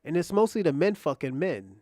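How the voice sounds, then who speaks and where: This livestream host has a slightly high, lively, mellow voice and speaks fairly quickly. Recorded dry with clean studio sound, he rants mockingly and provocatively at his chat, swearing, repeating himself and restarting phrases.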